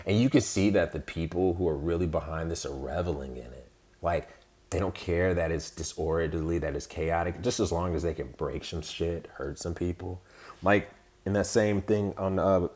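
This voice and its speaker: Low-voiced male podcast host, heated, profane, rambling commentary. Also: a little mellow. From United States. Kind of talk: casual political commentary.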